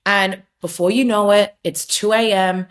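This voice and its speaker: A woman's voice: mid-range voice, steady tone, measured pace. A young adult woman, a podcast guest, giving an earnest, emphatic personal testimony in casual conversation, with many fillers and restarts.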